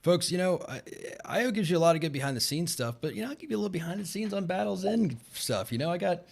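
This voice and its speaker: A man's voice: sits high, animated, quick pace, vocal fry. A man in his thirties hosting a casual live Q&A. He talks in a loose, rambling way, full of fillers. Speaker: podcast host.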